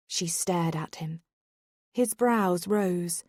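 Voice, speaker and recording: A woman narrating a romance audiobook in a steady, unhurried reading voice on a close studio mic. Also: fairly low pitch, no echo.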